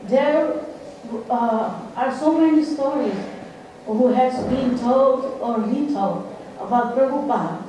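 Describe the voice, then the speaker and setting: A woman sharing a halting personal testimony as a participant at a gathering. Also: high voice, mellow, a little hiss or hum. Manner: halting, with fillers. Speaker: retreat participant sharing a reflection. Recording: echoey hall, mic far off.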